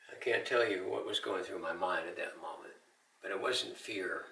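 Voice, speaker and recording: Older man with a bright voice. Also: deep voice, normal speed, gravelly, reverberant, recorded from a distance, rough recording. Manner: earnest storytelling with Christian encouragement. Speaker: Army veteran telling his story. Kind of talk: personal testimony.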